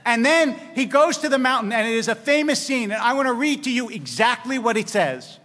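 High-voiced rabbi preaching in a hall. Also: male voice, expressive, a little fast, pushed and bright. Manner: storytelling with wry humor and dramatic quoted lines. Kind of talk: sermon. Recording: long hall reverb.

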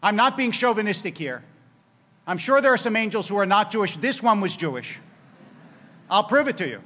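A man's voice: high-pitched, very animated, a little fast, pauses often, pushed and bright. A man preaching as a rabbi, telling a scripture story with wry humor and dramatic quoted lines. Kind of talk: sermon. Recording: long hall reverb.

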